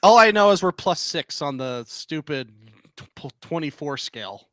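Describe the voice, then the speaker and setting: A man co-hosting a casual gaming podcast, joking in quick banter. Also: a little high, expressive, a bit bright, no room sound, clean studio sound. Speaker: podcast co-host.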